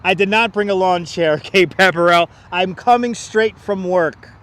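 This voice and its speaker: High-voiced man joking through a livestream. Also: measured pace, a bit bright. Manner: joking, mock folksy 'there, eh?' phrasing; calls out arriving flights like an announcer. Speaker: livestream host, plane spotter. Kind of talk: casual live commentary to chat. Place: outdoors near an airport runway. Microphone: wireless clip-on mic.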